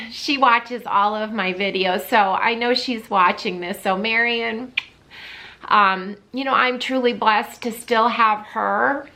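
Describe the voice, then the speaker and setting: A woman in her fifties talking candidly to camera in a personal vlog, heartfelt and halting, with frequent pauses and restarts. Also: mid-range voice, bright, forceful tone. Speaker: vlogger.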